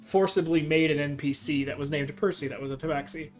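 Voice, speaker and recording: A man acting as game master who chats casually and then calmly lays out plans for the campaign. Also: on the high side, fast talker, faint music behind. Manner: easygoing, methodically laying out plans. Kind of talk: casual chat.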